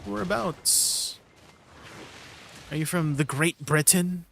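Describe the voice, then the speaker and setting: Guy streaming and chatting w/ his chat, kinda high voice, laughs a lot, bit of hiss behind. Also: lively intonation, unhurried, pauses often, fairly bright tone. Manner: playful, laughs often, talks to chat. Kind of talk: casual live-stream chat with viewers.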